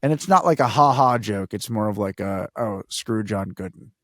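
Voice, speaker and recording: A man co-hosting a podcast in casual, jokey, animated chat. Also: fairly low pitch, moderate pace, dry recording, studio quality. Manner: animated, jokey, self-deprecating, restarts a lot. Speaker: podcast co-host.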